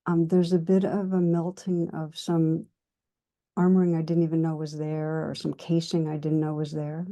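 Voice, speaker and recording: A woman hosting an interview conversation, speaking in a gentle and measured way. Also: sits low, little pitch movement. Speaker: host.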